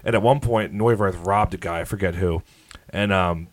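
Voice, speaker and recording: A low-pitched man in his twenties hosts a casual sports podcast. He tells stories with energy, jumping into high, mocking voices to mimic other fans. The sound is dry and close, with no room behind him. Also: normal speed, dry recording. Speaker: podcast host.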